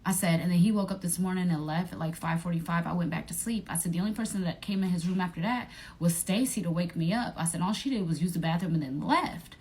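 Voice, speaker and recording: Animated young woman telling a storytime. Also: lowish voice, fast, few pauses. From Atlanta area, United States. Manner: animated, profane storytelling with voices for friends. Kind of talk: storytime vlog.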